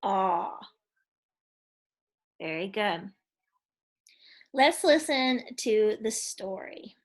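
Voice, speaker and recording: A woman's voice: a little high, lively intonation, slow pace. A woman teacher giving a phonics lesson to young children. She is patient and encouraging and has them repeat sounds back to her.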